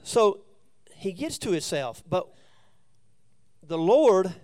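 A man's voice: high voice, very animated, slow, darkish tone. A man preaching, who reads scripture aloud and then explains it in plain, conversational asides. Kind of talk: sermon with scripture reading.

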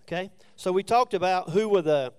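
A man with a high, clear, resonant voice reads scripture aloud at a moderate pace, then unpacks it in plain, conversational asides as part of his sermon.

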